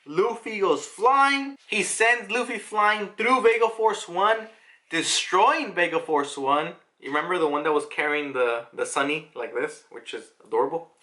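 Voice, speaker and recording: A chatty man runs through a manga chapter, excitable and quick to laugh. His voice sits high and bright, with a sharp, forceful edge. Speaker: manga reviewer. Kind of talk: casual chapter review.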